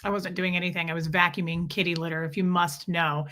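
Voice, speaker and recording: A woman hosts a relaxed livestream and greets each viewer by name as the comments roll in. Her voice is bright and clear, and her talk is chatty and playful, full of small jokes. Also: fairly low pitch, fast talker. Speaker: livestream host greeting chat. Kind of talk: casual livestream chat.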